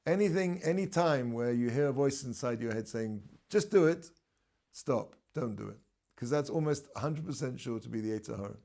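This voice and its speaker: A man, a rabbi, giving a relaxed, conversational Torah lesson, telling stories and mixing in Hebrew terms. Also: mid-range voice, a little fast, vocal fry. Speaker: rabbi teaching a class.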